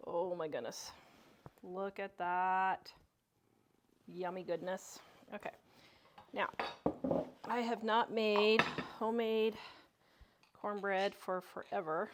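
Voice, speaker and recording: A woman's voice: mid-range voice, steady tone, slow pace, pauses often, background noise. A middle-aged woman hosting a casual home cooking demonstration, chatty and homey, gushing over the food in her kitchen. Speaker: cooking show host.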